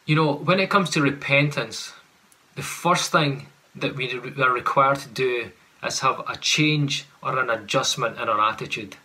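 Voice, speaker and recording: A man's voice: medium pitch, moderate pace, pushed and bright. A man preaching a sermon, earnest and full of rhetorical questions, at times acting out sarcastic paraphrases.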